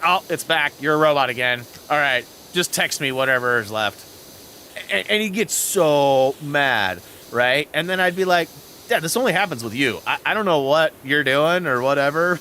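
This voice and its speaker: A man's voice: a little high, a little hiss or hum. A man hosting a gaming channel, telling rambling stories over gameplay into a headset mic, reading chat as he goes. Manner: rambling storyteller, animated, reads chat aloud. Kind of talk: chatty gameplay commentary.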